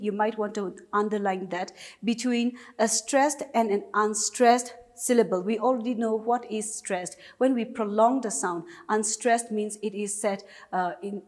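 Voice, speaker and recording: A woman with a Nagaland accent teaches an English lesson at a steady classroom pace. Her voice sits a bit high, and she explains each point patiently with repeated examples. A long reverb trails her words.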